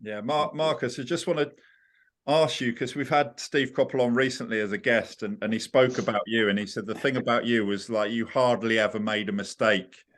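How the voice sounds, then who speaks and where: A man's voice: medium pitch, steady tone, brisk, fairly bright tone. Male podcast host asking questions. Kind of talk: interview questions.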